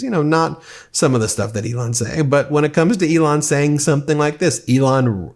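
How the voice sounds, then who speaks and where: A man's voice: a little high, moderate pace. A man giving casual political commentary, talking straight to viewers and reading quotes aloud. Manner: conversational, reads quotes aloud with some emphasis.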